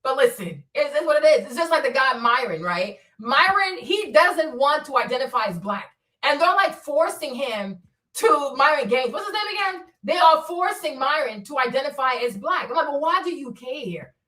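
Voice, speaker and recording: A woman's voice: sits high, animated, normal speed, fairly bright tone, recorded from a distance. A woman from Africa hosting a livestream, talking bluntly with swearing and laughter while she answers her chat. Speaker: streamer. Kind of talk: livestream commentary.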